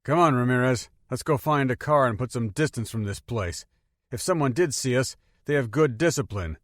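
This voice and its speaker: Narrator playing a decisive pilot, curt and raised above the narration. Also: male voice, medium pitch, animated, normal speed, no echo, clean studio sound, lightly acted. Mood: firm. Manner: curt, commanding. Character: steady, decisive male Air Force pilot.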